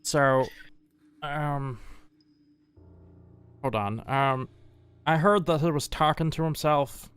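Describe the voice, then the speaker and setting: Smooth-voiced hesitant player. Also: male voice, on the high side, takes it slowly, long pauses, a bit bright. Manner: hesitant, questioning. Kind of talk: casual chat.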